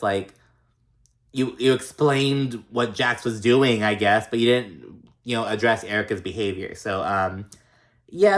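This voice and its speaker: A man casually recapping a reality TV episode, chatty and profane, full of likes and ums, with sassy, exasperated asides. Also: mid-range voice.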